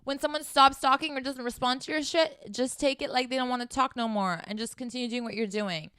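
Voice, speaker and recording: A woman's voice: high voice, a little fast, fairly bright tone, clean tone, no room sound, studio quality. Frank, profane woman giving dating advice. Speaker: dating and sex coach. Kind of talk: casual advice vlog.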